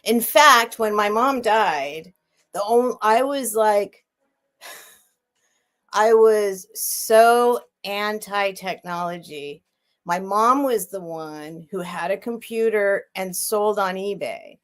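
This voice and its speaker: At a slow pace and medium pitch, a middle-aged woman chats casually while hosting a livestream sale. Her talk rambles with restarts and trailing sentences, and she reads out viewers' comments and replies to them.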